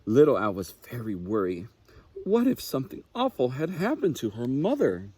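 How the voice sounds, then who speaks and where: A man, a naturalist, reading a children's picture book aloud with expressive, unhurried storytelling. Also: mid-range voice, slightly rough, no echo.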